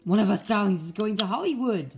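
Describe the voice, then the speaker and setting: A woman voicing a prissy, dramatic female engine with a high, theatrical voice, in a fan drama. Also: animated, a little fast, slightly rough. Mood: excited. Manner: fussy and self-admiring. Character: prissy, dramatic female engine who calls everyone darling. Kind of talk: amateur fan drama voice acting.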